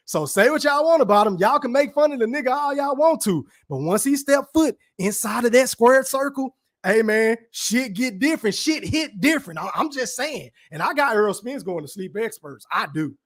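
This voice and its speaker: A man's voice: high-pitched, animated, normal speed. A young man from Dallas, hosting a casual live stream, reading chat comments aloud and ranting in profane slang. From Dallas, Texas.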